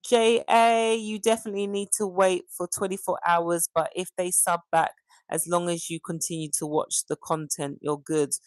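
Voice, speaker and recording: British woman chatting on her livestream, low voice that jumps up when she laughs, close dry sound. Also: normal speed, dry recording. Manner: chatty, warm to viewers, animated laughs and pitch jumps. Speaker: livestream host. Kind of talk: casual livestream chat reading comments.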